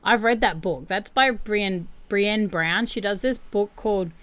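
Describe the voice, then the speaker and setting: A woman's voice: medium pitch, moderate pace, a bit bright, smooth. A young woman hosting a casual livestream chat, candid and chatty, laughing often. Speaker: livestream host.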